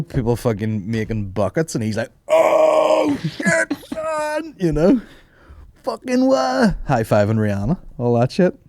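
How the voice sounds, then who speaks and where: A man's voice: on the low side, no room sound, studio quality. A man hosting a podcast, telling stories casually with plenty of swearing and laughter. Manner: swearing, laughing, animated storytelling. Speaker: podcast host.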